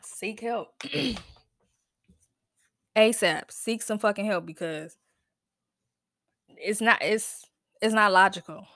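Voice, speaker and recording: A woman rants alone on her podcast, blunt and full of profanity. She fires off disbelieving questions in a voice of middling pitch. The close mic sounds dry, with no room around it. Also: slow, pauses often, pushed and bright, no room sound. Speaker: podcast host. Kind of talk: casual solo podcast rant.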